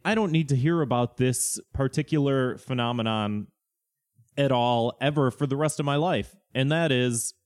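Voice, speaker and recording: A man co-hosting a casual comedy chat, rambling and sarcastic with lots of filler words. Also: a little high. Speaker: podcast co-host.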